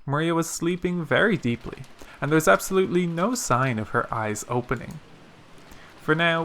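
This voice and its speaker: Bright-voiced man reading a story aloud. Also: a little high, slight background noise. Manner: steady storytelling narration. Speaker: let's play narrator. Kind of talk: reading a visual novel aloud.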